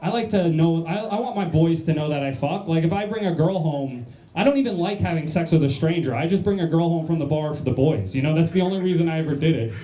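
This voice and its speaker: On stage at a comedy club, a stand-up from New Jersey fires off crude jokes at his own expense and quick shots at the crowd. His voice is a little high, mellow and unforced, with the room's echo audible through the mic.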